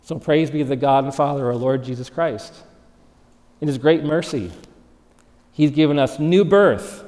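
Animated male preacher in a reverberant hall. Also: on the high side, normal speed, long pauses. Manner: animated, swings from loud emphasis to hushed softness. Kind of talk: sermon. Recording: long reverb of a large hall.

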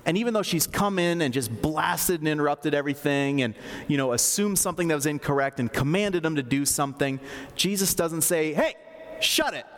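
A man's voice: on the high side, brisk. Man preaching in a reverberant hall. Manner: conversational, with fillers and asides. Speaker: pastor. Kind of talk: sermon. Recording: long reverb of a large hall.

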